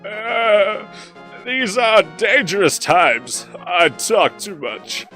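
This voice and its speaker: A man's voice: sits high, drawn-out words, bright, forceful tone, faint music behind, voice pushed up, exaggerated voice. A man voicing a rambling, kindly old hermit in a shaky elderly voice while reading game dialogue aloud.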